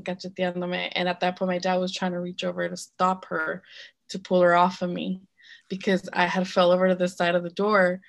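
A woman with a low-leaning voice and vocal fry shares a personal story as a podcast co-host. Her telling is blunt and frank, laced with swearing and fillers, and she switches into other-language phrases mid-sentence.

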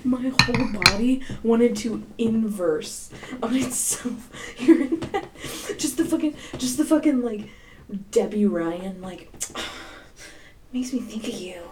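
A woman's voice: on the high side, expressive, slow pace, slight background noise. A woman in her twenties co-hosting a podcast, rambling, giggling and swearing. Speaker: podcast co-host. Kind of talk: casual chat.

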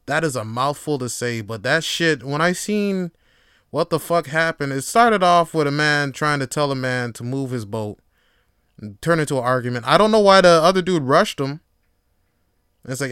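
A man hosting a solo podcast, talking in a casual, profane, rambling way that swings between quiet reflection and animated storytelling. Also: a little high, moderate pace, clean tone, no echo, clean studio sound. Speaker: podcast host.

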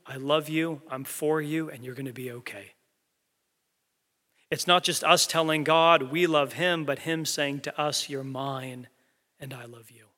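A man preaches with earnest conviction, rising to emphatic peaks and then sinking soft and low. His voice is bright and forceful. It carries through the long reverb of a large church hall. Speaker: pastor. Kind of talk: sermon.

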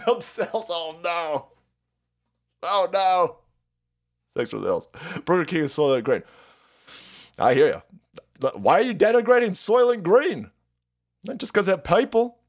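A man hosting a live stream, ranting in a profane, sarcastic way. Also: sits high. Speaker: streamer host.

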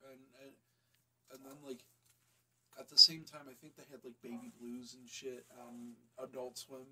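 A man's voice: mid-range voice, level tone, normal speed, sharp tone, slightly rough, low-quality recording. A young man co-hosting a podcast, rambling in casual chat with lots of fillers and swearing. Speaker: podcast co-host.

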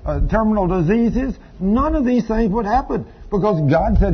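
Higher-voiced preacher man. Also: expressive, moderate pace, few pauses, husky, highs cut off. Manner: emphatic preaching with asides to the congregation. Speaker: pastor. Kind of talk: sermon. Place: church service.

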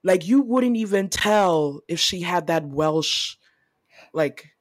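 A woman's voice: lowish voice, animated, slow pace, slight background noise. A young woman co-hosting a casual chat show, playful and laughing often. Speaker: podcast co-host.

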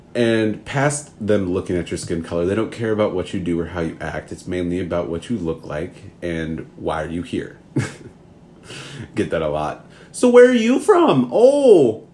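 Deep-voiced earnest man. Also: a little mellow, slight background noise. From Minnesota, US. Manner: earnest, rambling with many restarts. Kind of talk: reflective spoken answer.

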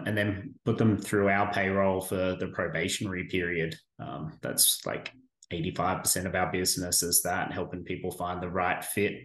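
Man, Australian accent, middle-aged, easygoing, joking, lowish voice, echoey room. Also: a bit bright. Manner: easygoing, self-deprecating humor. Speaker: staffing firm guest. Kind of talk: casual interview. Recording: roomy echo.

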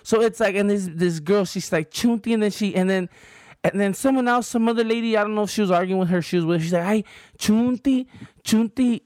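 A man from Southern California with a high voice tells a story in slangy, profane talk full of fillers. The sound is dry and close. It is a casual podcast chat between co-hosts. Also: fast talker, a little mellow, smooth, no room sound. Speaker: podcast co-host.

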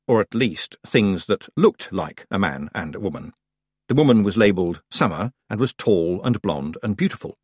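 A man narrating a novel as an audiobook, reading in an expressive storytelling manner. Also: lowish voice, breathy edge, no room sound, clean studio sound. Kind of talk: scripted narration.

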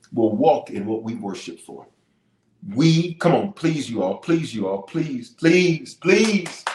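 Fervent preaching man, roomy echo. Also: medium pitch. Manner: fervent, repetitive, pleading emphasis. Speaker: bishop leading online prayer. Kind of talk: live-streamed prayer and preaching.

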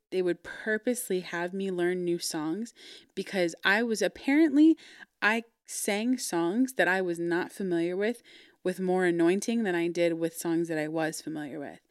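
A young woman, a podcast guest, bluntly telling a story and swearing freely, growing animated when frustrated. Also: fairly low pitch, smooth, no room sound, studio quality. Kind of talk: casual storytelling interview.

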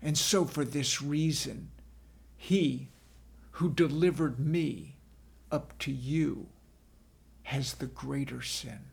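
A man voicing a calm, quiet Jesus. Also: mid-range voice, slow pace, vocal fry, long pauses. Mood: solemn.

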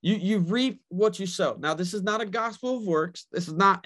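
Żarliwy pastor wygłaszający kazanie, nieco wysoki głos. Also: male voice, sits high, lively intonation, moderate pace, few pauses, a bit bright. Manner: preaching with rising intensity, repeating phrases, asking "right?"; paraphrases God in a casual voice. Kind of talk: sermon.

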